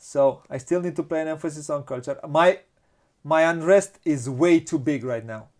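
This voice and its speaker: A man's voice: fairly high pitch, normal speed. A man with a Romanian accent playing a board game, counting pieces and thinking aloud as he plans his moves. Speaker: board game channel host. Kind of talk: casual board game playthrough.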